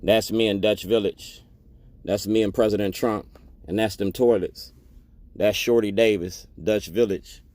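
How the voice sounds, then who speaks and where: A man's voice: fairly low pitch, steady tone, unhurried, a little mellow, dry recording. A man giving a defiant public testimony as an activist, repeating himself and calling people out. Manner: defiant, declaiming, repetitive.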